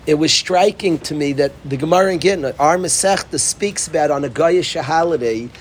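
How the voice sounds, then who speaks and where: A man teaches a class to students, earnest and full of repeated phrases. His voice sits slightly high, and faint hiss lies under the recording. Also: a little fast. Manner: earnest, repetitive, mixes Hebrew and Yiddish terms. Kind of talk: Torah class talk.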